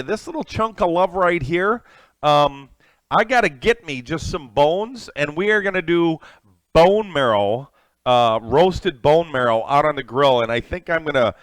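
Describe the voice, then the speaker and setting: A man's voice: fairly high pitch, very animated, normal speed, fairly bright tone, dry recording. A man hosting a live cooking stream, chatting casually and rambling with many fillers as he greets viewers. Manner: reads viewer names from chat and thanks them. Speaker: cooking livestream host.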